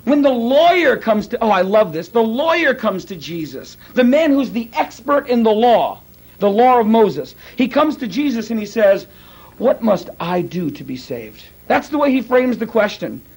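A male pastor preaching a sermon in an animated, conversational way, acting out quotes as he goes. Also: very high voice, moderate pace, low-quality recording.

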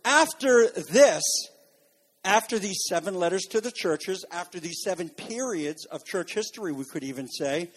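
A man teaching a Bible lesson as a sermon, talking fast and rising with emphasis. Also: high voice.

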